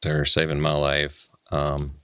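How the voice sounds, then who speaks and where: A man playing a medieval game and commenting casually, relaxed and wry. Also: a bass voice, measured pace, clear, resonant tone, dry recording. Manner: relaxed, wry, chuckling to himself. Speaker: let's play host.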